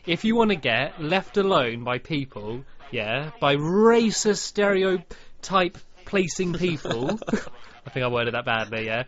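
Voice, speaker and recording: A man's voice: on the high side, sing-song, a little slow. Playful British man hosting, lo-fi. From Britain. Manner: playful, joking, giggly. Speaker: podcast host. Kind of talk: casual chat. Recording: dull lo-fi audio.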